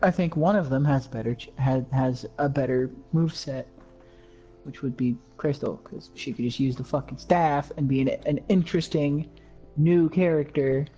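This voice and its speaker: A man's voice: medium pitch, normal speed, mellow, slightly rough, soft background music. A man co-hosting a casual gaming podcast, easy-going and goofy, giggling often. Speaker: podcast co-host. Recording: slightly dull lo-fi mic.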